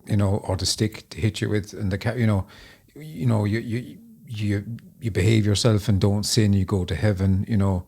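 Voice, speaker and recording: A man hosting an interview, halting and searching for words as he asks questions. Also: lowish voice, vocal fry, dark tone, slightly rough. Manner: halting and searching, filled with "you know". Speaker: podcast host. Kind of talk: interview conversation.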